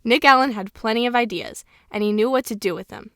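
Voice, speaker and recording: A woman's voice: fairly high pitch, fast, fairly bright tone, no echo, studio quality. A woman co-hosting a podcast, reading a children's book aloud with casual banter, giggling and stumbling over words as she goes.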